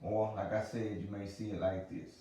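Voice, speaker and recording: A man's voice: lowish voice, flat delivery, mellow, slight background noise. Male teacher, patient and repetitive, recorded far from the mic in a very echoey room. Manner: repeats pronunciations slowly and patiently. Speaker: religious language teacher. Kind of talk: teaching a lesson. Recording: roomy sound from a distant mic.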